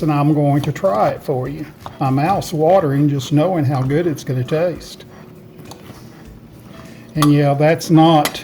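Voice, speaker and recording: This Tennessee man's voice is on the high side with a darkish tone. On his home gardening channel he gives a casual food demonstration, talking in a homespun, folksy manner about dishes he cooked in his own kitchen.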